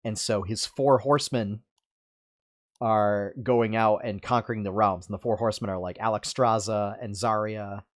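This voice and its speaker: A man's voice: on the low side, steady tone, normal speed. A man co-hosting a podcast, chatting casually about video games with many fillers and restarts. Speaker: podcast co-host.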